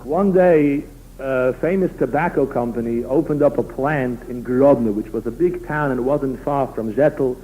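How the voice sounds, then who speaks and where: A man, a rabbi, giving an expressive sermon full of stories. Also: medium pitch, normal speed, slightly rough. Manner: storytelling, expressive, emphatic. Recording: tinny phone-line recording.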